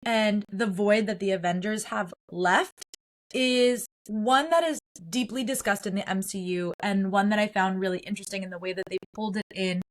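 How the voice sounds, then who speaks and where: A woman's voice: medium pitch, normal speed. A woman hosting a solo podcast, talking through a film in an earnest, opinionated way and building her points in lists. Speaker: podcast host.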